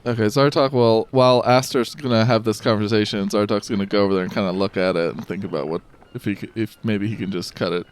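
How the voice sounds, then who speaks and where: A man's voice: lowish voice, steady tone, quick pace, slight background noise. A man playing a tabletop game, matter-of-fact and asking about the rules. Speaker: player. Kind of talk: casual tabletop role-play.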